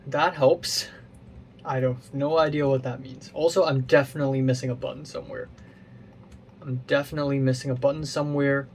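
A man's voice: mid-range voice, little pitch movement, brisk, a little mellow, a little hiss or hum. Man muttering through a game puzzle. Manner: muttering to himself, puzzling, self-mocking. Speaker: gaming channel host. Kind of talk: playing a puzzle game while thinking aloud.

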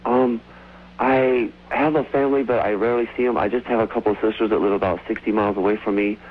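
A man calling in to a radio show, telling rambling, excited stories over the phone. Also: fairly low pitch, quick pace, a little hiss or hum. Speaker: caller. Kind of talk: casual phone-in storytelling. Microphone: telephone. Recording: tinny phone line.

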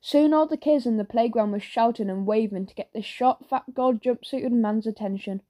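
Mellow woman reading a children's story. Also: a little high, normal speed. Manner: lively storytelling with character voices. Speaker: audiobook narrator. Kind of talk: children's audiobook narration.

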